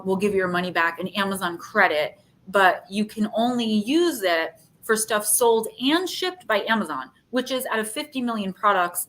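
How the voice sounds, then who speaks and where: A woman's voice: mid-range voice, a bit bright. A woman hosting a casual livestream, telling an annoyed story and acting out both sides of phone calls. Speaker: livestream host.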